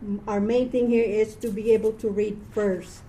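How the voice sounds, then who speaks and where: A tired woman teaching a live reading class, chatty, quick to laugh and correct herself. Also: mid-range voice, steady tone, dark tone, slight background noise.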